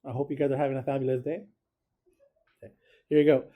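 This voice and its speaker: A man's voice: mid-range voice, level tone, fast talker, dark tone. A man teaching a calculus lesson, explaining rules in a chatty way and often asking the class if they follow. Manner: chatty, checks in with students. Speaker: math teacher. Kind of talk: recorded classroom lecture.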